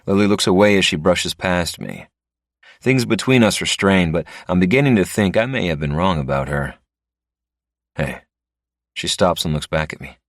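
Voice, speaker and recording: A man narrating a first-person story in a low, dry, wry manner. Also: expressive, normal speed, no room sound.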